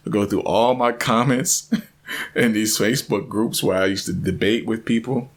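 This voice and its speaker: A man vlogging a personal story, earnest and animated, often restarting and repeating himself. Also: on the low side, normal speed.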